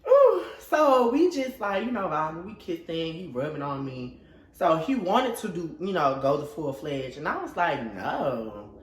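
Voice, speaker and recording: A young man vlogging, telling a story in a casual way, acting out quotes with dramatic swings into a high voice. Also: sing-song, moderate pace, a bit bright, reverberant.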